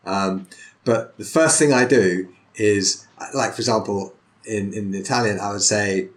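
A man hosting a conversational interview podcast, talking in a blunt, animated way. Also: on the low side, unhurried. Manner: animated, blunt, lively storyteller. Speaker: podcast host.

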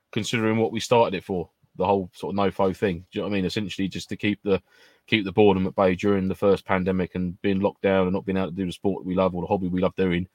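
A man's voice: lowish voice, no echo. A man co-hosting a casual live-stream chat, jokey and laughing often, on a home mic. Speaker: podcast co-host.

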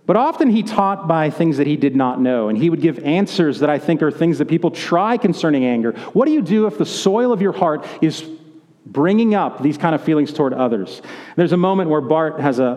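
Guy preaching in a church, chatty and jokey, mellow voice, big hall echo. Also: on the high side, lively intonation, a little fast. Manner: conversational and joking. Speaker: pastor. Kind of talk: sermon. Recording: echoey hall.

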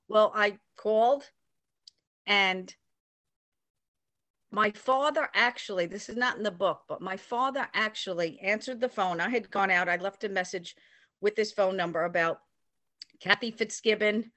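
Older woman telling a lively anecdote. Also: medium pitch, normal speed, no room sound. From New York area. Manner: animated, acts out quoted voices. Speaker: storyteller recounting a personal memory. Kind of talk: casual anecdote.

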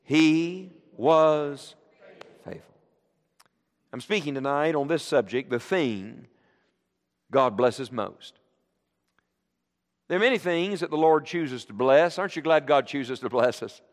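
Animated male preacher in a reverberant church. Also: medium pitch, unhurried, long pauses. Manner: animated, call-and-response with the congregation. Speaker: guest preacher. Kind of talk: sermon. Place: church sanctuary. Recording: long reverb of a church hall.

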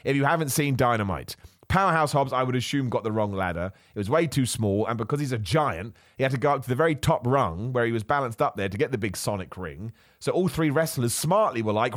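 A man hosting a podcast, ranting in animated casual chat, laughing often and nursing a cough. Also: mid-range voice, quick pace, no room sound, clean studio sound. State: has a cough. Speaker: podcast host.

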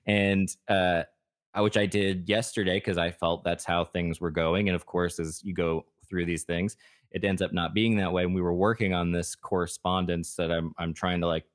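A man's voice: deep voice, little pitch movement, moderate pace. A man co-hosting a podcast, telling a personal story in a rambling, casual way and acting out the dialogue. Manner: rambling, acts out quoted dialogue. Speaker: podcast co-host.

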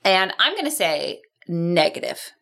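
A woman's voice: on the low side, very animated, measured pace, a bit bright. A woman co-hosting a podcast, explaining things in frank, wry casual chat. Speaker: podcast co-host.

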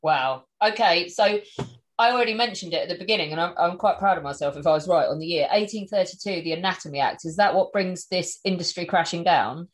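A woman's voice: fairly low pitch, brisk. A woman hosting a podcast in casual chat, teasing her co-host and joking.

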